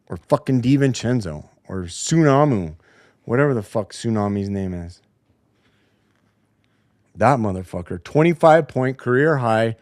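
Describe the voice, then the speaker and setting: A man's voice: medium pitch, darkish tone, no room sound, studio quality. A man hosting a post-game basketball show, ranting in a heated, profane way. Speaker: podcast host. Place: home basement studio.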